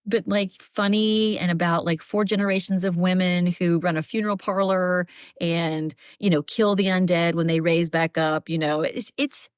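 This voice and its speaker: A woman's voice: fairly low pitch, steady tone, normal speed, clear, resonant tone, dry recording, clean studio sound. A woman audiobook narrator and actress, a guest chatting animatedly with many fillers. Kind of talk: casual interview chat. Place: Southeast Texas.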